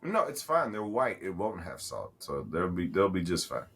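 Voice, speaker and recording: A man's voice: low-pitched, wildly swooping pitch, moderate pace, a bit bright, slightly rough. A man co-hosting a podcast, chatting casually and profanely, rambling and restarting his sentences as he tells stories. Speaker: podcast co-host. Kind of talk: casual chat.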